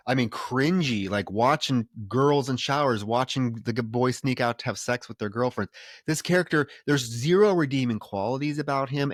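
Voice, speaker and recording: A man's voice: medium pitch, dry recording, clean studio sound. A man co-hosting a film podcast, ranting bluntly with lots of swearing and acting out characters' lines. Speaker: podcast co-host. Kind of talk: casual film review chat.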